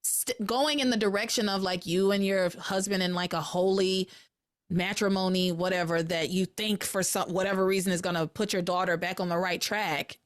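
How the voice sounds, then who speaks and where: A woman's voice: mid-range voice, normal speed. A woman hosting a podcast, chatting casually as she recaps soap opera episodes and briefly acts out the characters. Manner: animated, acts out quotes in character voices. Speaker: podcast host.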